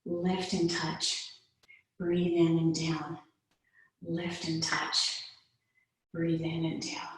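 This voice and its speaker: Over echoey, far-off video-call audio, a woman instructor runs a live online yoga strength class, calling out each exercise with playful asides and laughs. Her low voice is completely flat, very slow, with frequent pauses.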